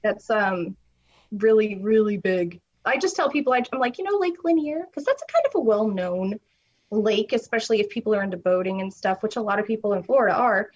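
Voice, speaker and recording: A woman's voice: medium pitch, expressive, brisk. Chatty woman on a dull lo-fi mic. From US South. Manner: chatty, rambling, laughs often. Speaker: podcast guest. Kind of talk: casual podcast chat. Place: home.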